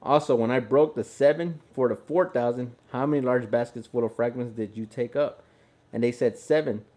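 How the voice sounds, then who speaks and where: A man's voice: mid-range voice, normal speed, warm tone. Laid-back man reading scripture. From Houston, Texas. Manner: laid-back, chatty, repeats himself. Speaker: Bible reader. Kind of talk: casual Bible reading with commentary.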